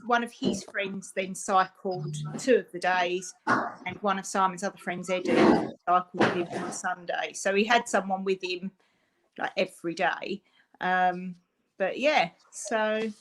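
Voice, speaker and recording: A woman's voice: mid-range voice, steady tone, slow, fairly bright tone, rough recording. A woman, a parent chatting on a video call, rambling with lots of fillers. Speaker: parent of a fundraiser. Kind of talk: casual chat on a video call.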